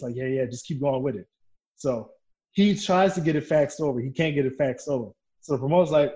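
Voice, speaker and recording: A man, a pro wrestler guest telling backstage stories in a casual interview, animated, laughing and swearing as he goes. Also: fairly high pitch, a little fast.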